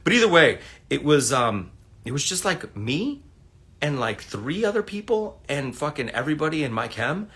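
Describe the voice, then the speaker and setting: A man with a bright, forceful voice tells a meandering story, swearing freely and circling back as he goes. He talks casually into his phone for a livestream. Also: fairly high pitch, sing-song, moderate pace. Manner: rambling, profane, laid-back. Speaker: livestream host.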